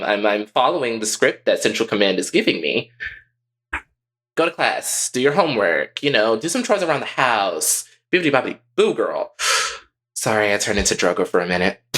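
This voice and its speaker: A man co-hosting a podcast, telling a story in a casual, profane and animated way. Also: on the low side, moderate pace. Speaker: podcast co-host.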